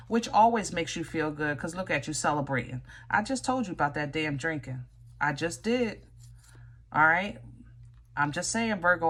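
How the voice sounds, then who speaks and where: A woman's voice: on the low side, fairly bright tone. A woman giving a casual tarot reading to viewers, chatty and direct, often teasing with "you know?" and "okay?". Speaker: tarot reader.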